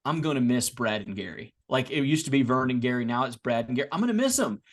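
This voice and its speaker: A man co-hosting a casual sports podcast, talking in a rambling way with restarts, getting animated as he makes his points. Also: mid-range voice, quick pace. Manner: rambling, frequent restarts and repeated words. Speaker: podcast co-host.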